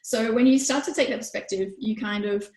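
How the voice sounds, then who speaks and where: In an echoey room, a woman chats her way through an online parenting workshop, voicing quoted lines in a higher pitch. Her delivery is brisk and her voice a little mellow.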